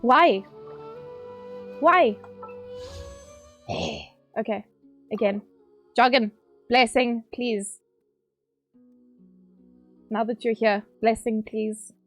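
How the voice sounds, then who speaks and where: A woman streaming a game, chatting casually with viewers, excitable and swearing, squealing at her pulls. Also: a little high, extremely slow, pauses often, faint music behind.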